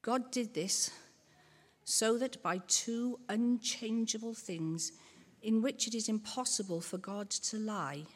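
A woman reading a Bible passage aloud in a measured, solemn way during a church service. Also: mid-range voice, breathy edge. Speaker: scripture reader. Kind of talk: scripture reading. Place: church hall. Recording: long hall reverb.

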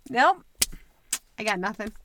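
A woman's voice: a little high, expressive, unhurried, pushed and bright. A woman co-hosting a casual chat who laughs often and reacts playfully. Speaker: podcast co-host. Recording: faint background noise.

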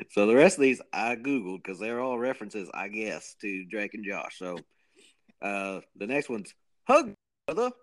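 A man's voice: on the low side, a little slow, pauses often. A man co-hosting a podcast, rambling and joking in a self-mocking way. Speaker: podcast co-host. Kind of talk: casual chat.

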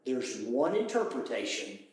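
A British man leading a Bible study group, teaching with lively, animated explanations and sudden exclamations. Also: medium pitch, a little slow. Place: room with a small study group. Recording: echoey, poor quality recording.

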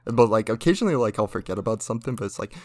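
A man's voice: on the low side, animated, rapid-fire, dry recording. A young man in casual chat, ranting with lots of swearing as he tells stories about his parents. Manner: ranting, profane, storytelling.

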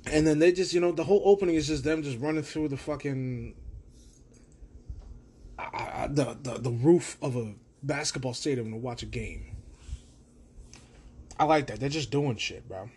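Rambling, profane man with a husky voice. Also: medium pitch, normal speed, pauses often, darkish tone. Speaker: podcast host. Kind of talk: casual solo podcast rant. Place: his own room.

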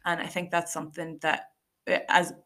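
A young woman with an Irish accent talks to her listeners in a relaxed solo podcast. Her speech is chatty and rambling, full of fillers and little acted-out quotes. Her voice sits slightly low for a woman. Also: moderate pace. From Ireland. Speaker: podcast host. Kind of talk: casual solo podcast monologue.

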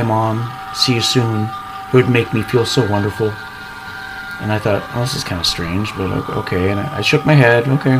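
A man telling a long comic story in a rambling, deadpan way, building up to a prank punchline. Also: fairly low pitch, poor audio.

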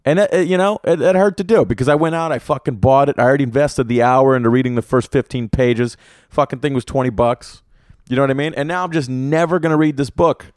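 This solo podcast host is a young man with a mid-range voice who tells a rambling, comic tale and swears constantly as he animatedly goes. The sound is close and dry, with no room sound, and an air conditioner is in the room.

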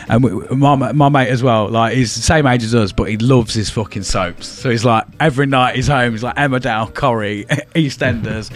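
A man co-hosting a podcast, telling a ghost story among friends with plenty of swearing and acted-out quotes. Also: medium pitch. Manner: swears freely, animated retelling with voiced quotes. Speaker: podcast co-host.

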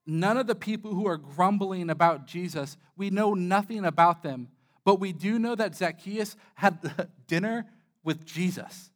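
A man's voice: high voice, measured pace. A young man, a church pastor, giving a sermon in a candid, self-deprecating, conversational way, with frequent "uh" fillers.

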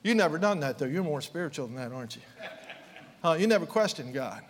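A man preaching a sermon, fervent, swinging from quiet, low passages to impassioned raised outbursts. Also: lively intonation, fast, long reverb tail.

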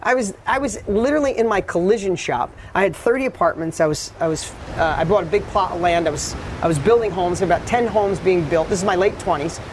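Middle-aged man, rapid delivery, candid storytelling, blunt and profane, faint outdoor hum. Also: high-pitched. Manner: fast, animated, swears freely. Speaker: podcast guest.

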